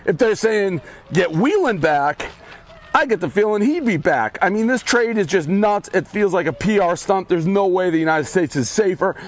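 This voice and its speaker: A commentator in a video clip rants bluntly while walking down a street outdoors, swearing a lot and out of breath. His high-pitched voice has lively intonation and a moderate pace with few pauses, and he sounds fired-up.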